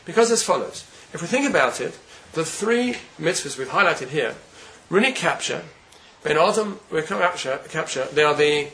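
A man giving a Torah lecture, earnest and deliberate, often repeating words while he searches for the next phrase. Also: fairly high pitch, expressive, bright, forceful tone, a little hiss or hum, poor audio. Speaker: rabbi giving a Torah class.

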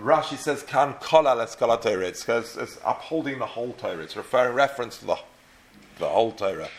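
A man leading a Torah class who asks questions and then works through the answers. He says the Hebrew terms with an Ashkenazi pronunciation and lays out each point step by step. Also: mid-range voice. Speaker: Torah teacher. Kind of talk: Talmud class lecture.

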